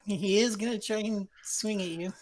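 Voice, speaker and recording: A woman acting as game master, calmly narrating enemy moves in a live-streamed tabletop game. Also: mid-range voice, moderate pace. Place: home streaming setup.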